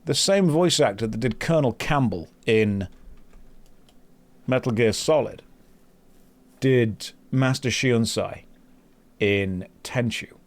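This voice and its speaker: A man's voice: mid-range voice, slow, long pauses. Joking man streaming a game. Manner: joking, sarcastic, reads quest text aloud. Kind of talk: casual live-stream chat while gaming.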